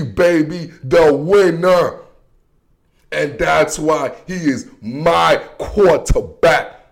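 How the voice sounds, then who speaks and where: A man hosting a casual football commentary show, talking in an animated, slangy, joking way that swings between shouts and mutters. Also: on the high side, vocal fry.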